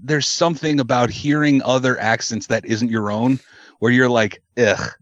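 A man's voice: medium pitch, fairly even intonation, moderate pace, no echo. Blunt, foul-mouthed man on a dull mic. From New York City. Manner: blunt, profane, opinionated. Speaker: podcast co-host. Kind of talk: casual wrestling podcast chat.

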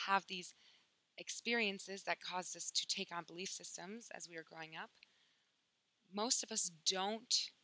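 Woman, spiritual teacher, bright tone, emphatic and casual, swears freely. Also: lowish voice, no echo, low-quality recording. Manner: emphatic, swears casually, acts out inner voices.

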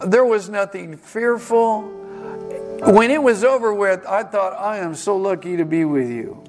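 A male pastor preaching a sermon, telling a self-deprecating story with halting restarts and acted-out dialogue. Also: sits high, over music. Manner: halting restarts and repeated words.

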